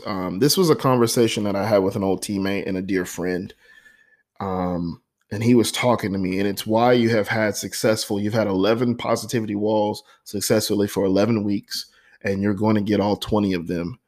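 Young man, low voice, earnest and heartfelt, reading his own poem, halting with ums, emotional. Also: darkish tone. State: emotional, voice catching. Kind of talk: personal poetry reading with reflective talk.

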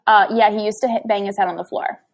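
A woman joining a casual chat as co-host. She mostly offers short, supportive reactions and light laughs. Her voice sits at a middle pitch. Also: steady tone, quick pace. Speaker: podcast co-host.

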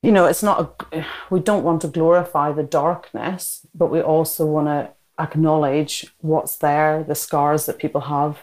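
A woman who leads a prison ministry, telling lively, self-deprecating stories in a podcast interview. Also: deep voice, normal speed, hardly any pauses, rough recording.

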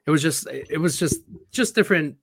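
A man's voice: fairly high pitch, a little fast, slightly rough, dry recording. Laid-back bilingual man, dry close sound. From Chicago area. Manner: relaxed, rambling, swears, mixes in Spanish. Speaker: podcast co-host. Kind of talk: casual chat.

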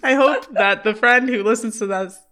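A woman co-hosting a podcast, giving a casual scene-by-scene recap with lots of giggling and animated retelling. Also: on the high side, normal speed. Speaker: podcast co-host.

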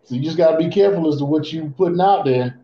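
A man's voice: on the high side, quick pace, warm tone. A man co-hosting a casual wrestling chat, laid-back, often repeating and restarting his phrases. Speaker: podcast co-host. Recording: muffled roomy lo-fi audio.

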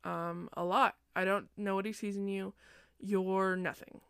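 A woman's voice: medium pitch, flat delivery, unhurried, creaky, fairly bright tone, smooth, no room sound, studio quality. A woman voicing a bitter young princess who speaks coldly and resentfully. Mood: spiteful. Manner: cold, resentful.

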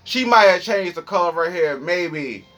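A man's voice: high voice, expressive, normal speed, background noise. A young man with a Washington, D.C. accent, rambling profanely and animatedly through a freestyle monologue. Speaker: streamer.

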